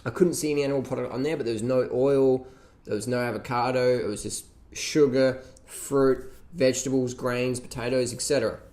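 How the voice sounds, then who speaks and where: A man's voice: medium pitch, fairly even intonation, a little fast, darkish tone. A man ranting casually and profanely, mocking others with laughs as he reacts to a documentary. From Australia. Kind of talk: casual rant.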